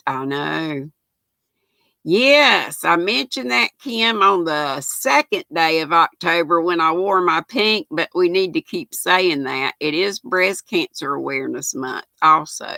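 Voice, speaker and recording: An older woman with a Southern drawl chats slowly on her live crafting stream. Her voice is bright with a gravelly edge. The sound is dry and close, and she greets her viewers warmly by name. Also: fairly low pitch, dry recording. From Southern United States. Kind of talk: casual live-stream chat, reading viewer comments.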